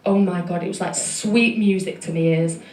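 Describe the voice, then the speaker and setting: On a comedy club stage, a young Manchester woman delivers a self-deprecating, chatty stand-up set full of fillers. Her voice is fairly low and darkish, with fairly even intonation and a moderate pace. The echoey room carries the audience's laughter.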